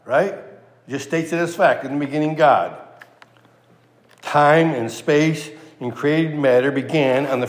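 Recorded in an echoey room, a man with a fairly high voice teaches the Bible through an expository sermon, stressing key phrases by repetition and pausing to check on his audience.

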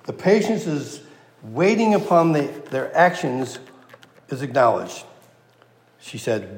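Male preacher, mid-pitched, expository sermon, voices the characters with lively paraphrase; long reverb, roomy hall sound. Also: takes it slowly, long pauses.

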